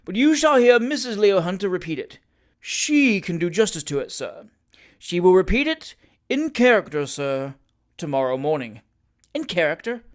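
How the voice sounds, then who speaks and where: Leo Hunter, a grave and pompous gentleman, gushing with formal courtesy, as a reader puts him on. Higher and more insistent than a plain narrating voice, in a storybook reading. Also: big pitch swings, moderate pace, lightly acted. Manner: formal, effusive, repeats sir. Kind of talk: audiobook character reading.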